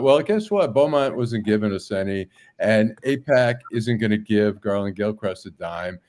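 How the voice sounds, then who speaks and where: A male panel guest talks in a blunt, plain conversational way and drifts into anecdotes. His pitch sits in the ordinary middle range, and he is chatting casually with the other guests. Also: normal speed, few pauses, a little mellow.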